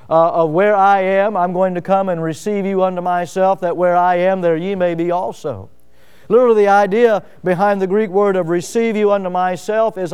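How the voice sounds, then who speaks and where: A man preaching a sermon, telling homely stories with fillers and swinging from loud rises to soft drops. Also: sits high, smooth. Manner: folksy storytelling with fillers. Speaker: pastor.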